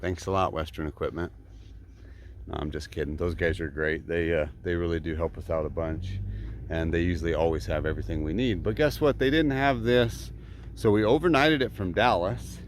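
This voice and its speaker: A man's voice: low voice, fairly quick. A man, a farmer talking casually to the camera outdoors with dry, sarcastic humor. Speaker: farmer vlogger. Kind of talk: casual vlog walkaround. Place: outdoors on a farm. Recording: faint outdoor noise.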